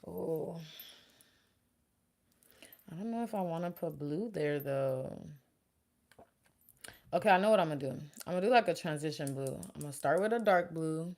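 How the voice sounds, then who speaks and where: This young beauty vlogger and makeup artist has a low-sitting voice at normal speed, with long pauses. Doing her makeup, she chats casually and animatedly with her viewers and responds to the chat.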